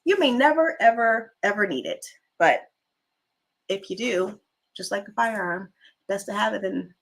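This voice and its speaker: A woman hosting a casual livestream chat. She rambles warmly through personal stories and stops to thank viewers for their comments. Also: mid-range voice. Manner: chatty, rambling storyteller who reads out viewer comments. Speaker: livestream host.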